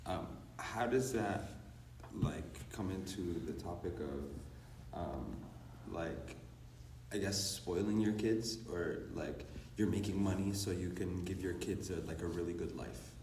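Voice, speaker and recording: A man's voice: deep voice, slow, noisy background. A man in the class asking a question, hesitant and searching for words, picked up from a distance. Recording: distant, echoey room.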